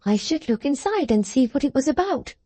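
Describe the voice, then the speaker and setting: A woman reading the part of an eager, impatient young girl in an audiobook, raising her voice high and pleading. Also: big pitch swings, brisk, warm tone, no room sound.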